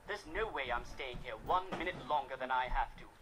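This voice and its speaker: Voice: medium pitch, a little fast, noisy background, close to an everyday voice. An actor voicing a nervous, formal scholarly houseguest in an adventure game. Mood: anxious.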